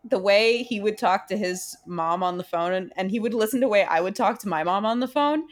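A woman's voice: mid-range voice, a little fast. A woman in her thirties from Brooklyn, co-hosting a podcast in casual chat, talking in a loose, chatty way full of "like.". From Brooklyn, New York. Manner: chatty, many "like" fillers. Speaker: podcast co-host.

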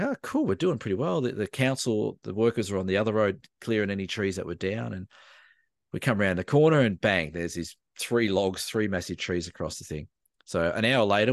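A man with an Australian accent, a podcast co-host telling a lively, animated story in casual chat. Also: on the low side, no echo, clean studio sound.

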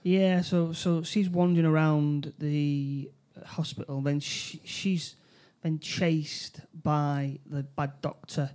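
A man recapping a film plot in casual chat, halting, with many restarts and fillers. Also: fairly high pitch, level tone, a little mellow. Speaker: film review co-host.

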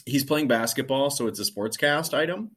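A man co-hosting a sports podcast, chatting casually in an animated, profane way and laughing often. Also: medium pitch, normal speed, husky. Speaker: podcast co-host. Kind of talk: casual chat.

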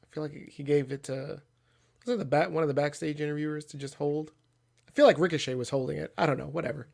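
A fairly high-voiced man chatting over a video call. He is excitable and quick to laugh, and he swears freely while he talks. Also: vocal fry. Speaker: podcast co-host. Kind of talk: casual chat.

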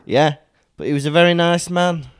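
A man co-hosting a podcast in casual chat, playful and quick to laugh. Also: on the high side, clear, resonant tone, no echo, studio quality. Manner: chatty, laughs often, playful banter. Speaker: podcast co-host.

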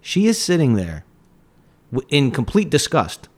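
Animated male comedian telling a story. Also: mid-range voice, a little slow. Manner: animated storyteller, acts out quotes. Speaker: touring stand-up comedian, podcast guest. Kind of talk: casual storytelling chat.

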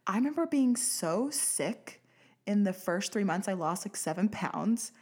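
A young American woman hosts her own podcast alone, ranting with sarcasm, swearing freely and laughing through it. Her voice sits at an ordinary middle pitch and comes through a close studio mic. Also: lively intonation, measured pace, darkish tone. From United States. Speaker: podcast host. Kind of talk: casual solo podcast rant.

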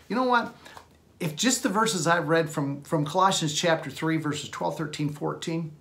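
A man's voice: a little high, fairly bright tone. A man preaching a Sunday sermon, reading scripture aloud and explaining it with earnest emphasis. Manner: earnest preaching, reads scripture aloud, repeats words when restarting. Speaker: pastor.

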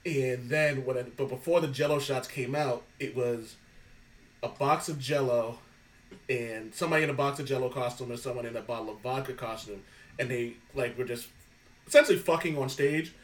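A man's voice: medium pitch, moderate pace, far from the mic, low-quality recording. A man hosting a podcast, telling stories in casual chat, swearing freely and laughing often. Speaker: podcast host.

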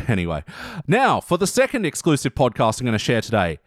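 A man's voice: fairly low pitch, wildly swooping pitch, no room sound, clean studio sound. Giggly man hosting a comedy podcast. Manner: giggly, halting with fillers. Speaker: podcast host. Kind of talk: casual comedy podcast chat.

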